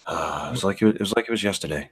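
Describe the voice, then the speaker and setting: A man's voice: deep voice, racing, a little hiss or hum. A man co-hosting a podcast from home over an online call, profane and teasing, with a mock-dramatic streak. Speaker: podcast co-host. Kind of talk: casual chat.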